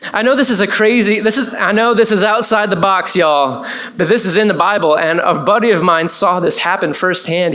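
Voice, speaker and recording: Man, pastor, conversational sermon, animated asides. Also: high voice.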